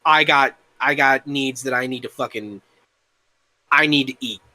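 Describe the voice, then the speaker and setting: A young man talks in a loose, rambling way, stopping and restarting often and cursing now and then. His pitch is average, and the recording is dry and close with no room sound. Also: bright, forceful tone, dry recording. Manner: rambling, halting, profane. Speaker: guest, worldbuilding creator. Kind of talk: casual interview chat.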